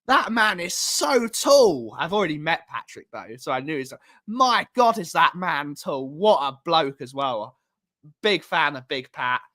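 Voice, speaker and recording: Very animated and a little slow, his voice on the high side and pushed bright, an English livestream host chats from home. He reads viewer comments and greets chat in a rambling manner, repeating phrases often.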